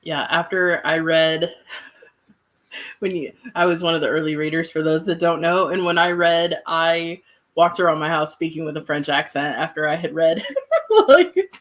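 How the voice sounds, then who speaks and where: A woman with a fairly low voice chatting casually as co-host of a livestream. She is relaxed and quick to laugh. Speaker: co-host and early reader.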